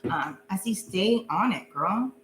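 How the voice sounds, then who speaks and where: A woman's voice: medium pitch, expressive, a little slow, a bit bright, soft background music. A woman giving a casual live tarot reading, chatty and goofy, laughing often. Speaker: tarot reader. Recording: echoey room with faint hum.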